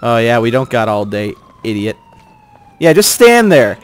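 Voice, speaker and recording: A man's voice: medium pitch, big pitch swings, a little slow, slight background noise. Exasperated swearing gamer man. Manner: exasperated, swearing, yelling at the game. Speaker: let's play host. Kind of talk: gameplay commentary.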